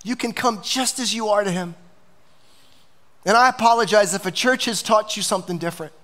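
A man's voice: sits high, a little fast, pushed and bright, big-room sound. A man preaching a sermon as pastor, passionate and emphatic, in a church sanctuary.

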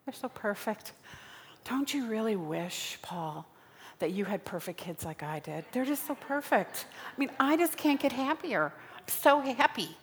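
A woman's voice: on the high side, very animated, a little slow, a little hiss or hum. A woman preaching a sermon in a dramatic style, repeating phrases for emphasis. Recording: long reverb of a large hall.

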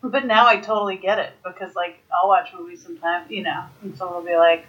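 A woman's voice: on the low side, fairly even intonation, fast. Chatty young woman guest, lo-fi. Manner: chatty, filler-heavy, says "like" a lot. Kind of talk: casual chat. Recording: dull lo-fi recording.

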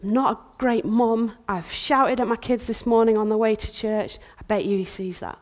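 A woman in her thirties preaching a sermon in a church, impassioned, swinging from loud outbursts to hushed whispers. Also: fairly high pitch, steady tone, moderate pace.

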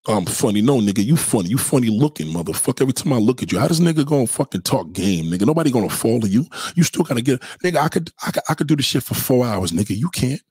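A Brooklyn man with a mid-range, dark, breathy-edged voice talks fast and expressively in a trash-talking livestream rant, hurling mocking, profane insults. There's no room sound.

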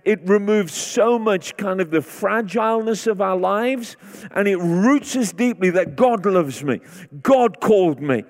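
A man's voice: high voice, expressive, unhurried. Fervent man preaching in a reverberant hall. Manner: repeats short declarations, building in intensity. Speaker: guest preacher. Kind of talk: sermon. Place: large church sanctuary. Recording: long reverb of a large hall.

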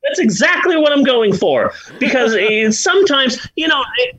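A middle-aged man with a high, very lively voice that swoops up and down as he chats. He rambles through his stories, often restarting sentences, and pokes fun at himself as a podcast host. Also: normal speed, poor audio. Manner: rambling, self-deprecating, frequent restarts. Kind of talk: casual chat.

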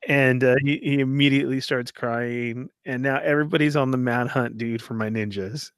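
A man's voice: medium pitch, moderate pace, clear, resonant tone, no echo, clean studio sound. A man casually telling a long story, laughing often and acting out what people said. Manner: animated, laughs often, acts out quoted voices.

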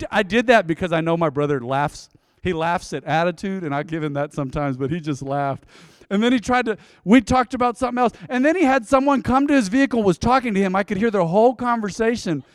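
Animated preaching man, dry close sound. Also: sits high, smooth, no room sound. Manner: animated, storytelling with congregation call-and-response. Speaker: pastor. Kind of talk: sermon.

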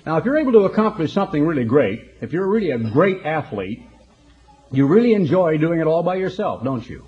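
A man's voice: on the high side, very animated, fairly quick, lo-fi sound. A man preaching a broadcast sermon in a folksy, conversational storytelling manner.

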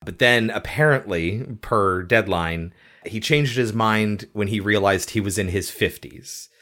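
A man hosting a casual podcast chat about a horror film, chatty and quick to laugh. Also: on the low side, bright, forceful tone. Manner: conversational, quotes film lines, laughs easily. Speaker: podcast host.

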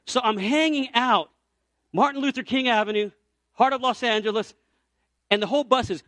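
A man from Puerto Rico preaches with a high, lifted voice, telling a story from the pulpit. He moves from loud, ringing cries to soft, hushed lines. The sound is close and dry, with no room around it. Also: normal speed, pauses often, no echo. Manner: animated storyteller, swings from loud cries to near-whispers. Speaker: evangelist preacher. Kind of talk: storytelling sermon.

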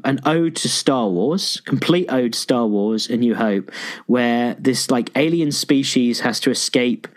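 A man co-hosting a casual podcast, recapping episodes with excited jumps up in pitch and plenty of swearing. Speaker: podcast co-host.

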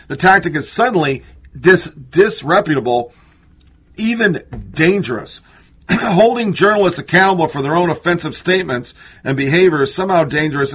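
A man with a slightly high, husky voice reads news pieces aloud as a political commentator. He cuts in with sarcastic asides and scoffs at what he reads, his voice drifting off the mic now and then. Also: fairly bright tone.

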